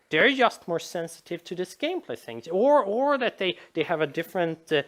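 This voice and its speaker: A woman's voice: medium pitch, very animated, a little fast, few pauses. A woman giving a casual, rambling game design commentary, with frequent restarts and repeated words. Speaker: video essayist.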